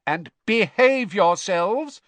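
A man voicing a stern, shrill middle-aged mother who scolds her sons. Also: normal speed, a bit bright, no echo. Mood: curt. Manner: shrieking, scolding.

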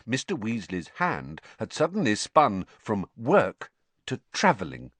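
A man narrating an audiobook in an expressive storytelling manner. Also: fairly low pitch, a little slow, breathy edge, no room sound.

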